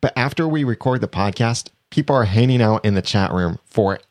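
Guy hosting a podcast, kinda low voice, chatty and laughy, dry room. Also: lively intonation, a little fast, darkish tone, no room sound. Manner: chatty, laughs often, reads sponsor plugs. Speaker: podcast host. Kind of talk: casual podcast chat.

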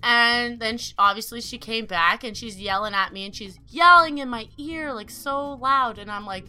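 A woman's voice: a little high, normal speed, bright, forceful tone, clean tone. A young woman from Canada telling a rowdy personal story in casual, swearing chat, laughing as she goes. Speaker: podcast host telling a story.

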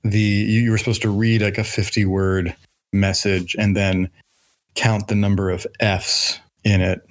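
A man's voice: fairly low pitch, flat delivery, measured pace. A man hosting a casual book podcast, talking enthusiastically and thinking aloud with frequent restarts. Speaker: podcast host. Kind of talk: casual book-club chat.

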